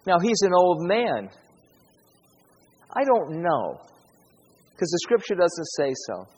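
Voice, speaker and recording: A man's voice: high voice, big pitch swings, slow, darkish tone, slightly rough. A man preaching a sermon, speaking earnestly, repeating key phrases and asking his listeners rhetorical questions. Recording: dull, echoey hall recording.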